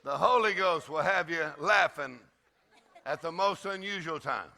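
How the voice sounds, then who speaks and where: An older man preaching at a church service in a high, bright, gravelly voice. He shouts and laughs with exuberant energy while keeping an unhurried pace, and a congregation murmurs faintly behind him. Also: some chatter behind. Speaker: guest preacher. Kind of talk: exuberant sermon.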